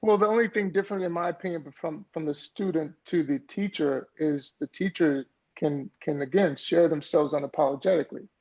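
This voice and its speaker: Gravelly earnest man, motivational. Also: fairly high pitch, fairly quick, hardly any pauses, darkish tone, muffled recording. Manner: earnest, motivational, repeats words as he builds a point. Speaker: podcast guest, mindfulness coach. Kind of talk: conversational interview.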